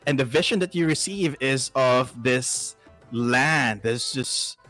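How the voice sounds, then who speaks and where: A man narrating as game master, relaxed and chatty, with frequent filler sounds. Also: mid-range voice, takes it slowly, faint music behind.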